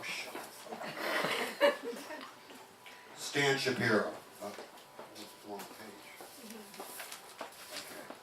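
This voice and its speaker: A man reads his memoir to a live crowd with jokey, animated storytelling. He is heard from a distance in an echoing room. A faint hum of ambience sits behind him. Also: fairly low pitch. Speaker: author reading his book. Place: bookstore event space. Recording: distant, echoey live reading.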